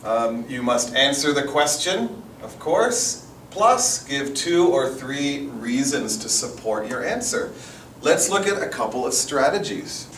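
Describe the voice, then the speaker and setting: A man's voice: mid-range voice, very animated, takes it slowly, fairly bright tone. A man teaching a test-preparation course, explaining strategies firmly and stressing key points in short phrases. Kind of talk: instructional talk. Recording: roomy echo, far from mic, faint noise.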